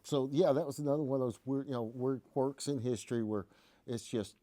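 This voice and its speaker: Hosting a casual live stream from a gun shop, a man with a mellow, mid-range voice talks briskly with no room sound. He tells folksy, joking stories and wanders through rambling explanations.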